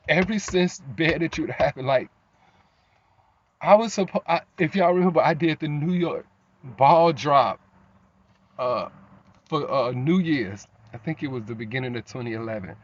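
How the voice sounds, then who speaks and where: A man telling an emotional personal story in a rambling way, with frequent restarts and slang. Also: a little high. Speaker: vlogger. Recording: slightly dull lo-fi recording.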